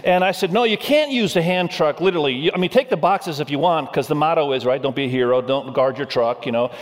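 A man's voice: fairly high pitch, fast. A middle-aged male pastor giving a sermon, telling a humorous story and asking the congregation questions. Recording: reverberant hall sound.

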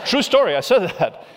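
A man's voice: high voice, fairly bright tone. A middle-aged male pastor giving a sermon, telling a humorous story and asking the congregation questions. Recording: reverberant hall sound.

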